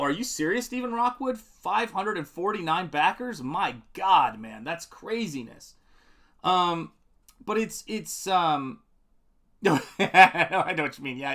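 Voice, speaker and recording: A man's voice: sits high, bright, forceful tone. A middle-aged man hosting a live painting stream, chatting in a rambling, friendly way, answering viewer comments and laughing often while he works. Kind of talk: casual live-stream chat.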